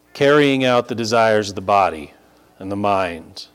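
A man preaching a sermon, moving between quiet conversational asides and loud, drawn-out emphatic peaks. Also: lowish voice, expressive, clean tone. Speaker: pastor.

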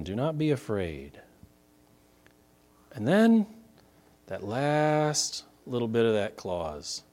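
Animated male preacher, lively pitch. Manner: animated, swings from quiet asides to loud emphatic preaching. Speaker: pastor. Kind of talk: sermon.

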